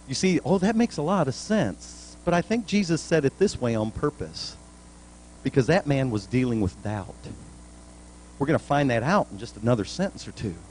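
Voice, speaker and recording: A man's voice: on the high side, rough recording. A male pastor preaching a sermon in a church, in a folksy, plainspoken way with colloquial grammar.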